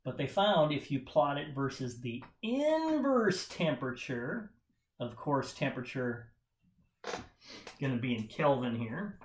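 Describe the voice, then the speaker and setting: Lively, animated male chemistry teacher. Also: mid-range voice, unhurried, slight background noise. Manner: enthusiastic, jokey, talks to students directly. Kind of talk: whiteboard lecture.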